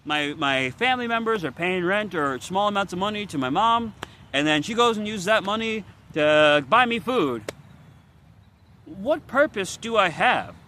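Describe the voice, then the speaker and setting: Weary, swearing man with a lively high voice. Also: normal speed, slight background noise. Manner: frustrated, swearing, venting bluntly. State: weary and worn out. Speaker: vlogger. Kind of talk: confessional vlog rant.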